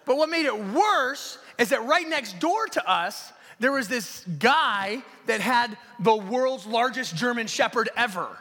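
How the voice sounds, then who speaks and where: A male pastor preaching a sermon live in a church hall, telling stories in an animated way and dropping to hushed, near-whispered emphasis. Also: very high voice, unhurried, hardly any pauses. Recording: long reverb of a large hall.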